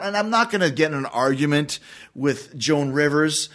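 Guy host swearing his way through a story, bit high-pitched, casual chat. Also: normal speed. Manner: animated storyteller, swears freely. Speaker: podcast host.

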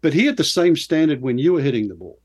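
A middle-aged man from New Zealand, a former pro golfer, telling lively, self-deprecating stories as an interview guest. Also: a little high, fast talker. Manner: animated anecdotes with self-deprecating laughs. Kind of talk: casual storytelling interview.

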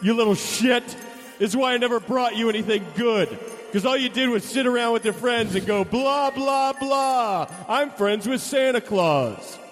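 A man doing a foul-mouthed bully Santa. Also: moderate pace. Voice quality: booming echoey ho-ho laugh. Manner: mocking, crude, threatening. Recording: long reverb over music.

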